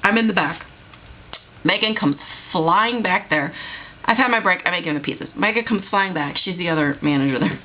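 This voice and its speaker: A woman recounts a story from her job in a lively storytime vlog, sounding exasperated as she goes. Her voice sits at a middle pitch. The recording is dull and lo-fi. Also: normal speed, a little hiss or hum. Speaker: vlogger telling a work story.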